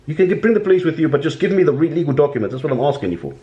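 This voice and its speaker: Fast, taunting man on the phone. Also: fairly high pitch, lively intonation, slight background noise. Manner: taunting, repetitive, insulting. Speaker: caller arguing with a bailiff. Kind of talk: heated phone argument. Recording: echoey, dull recorded phone call.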